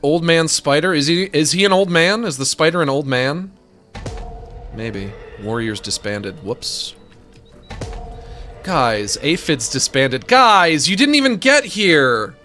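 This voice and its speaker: A man giving casual, excitable commentary on a video game, swinging between delight and exasperation, with some swearing. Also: fairly high pitch, slow, faint music behind. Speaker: gaming streamer.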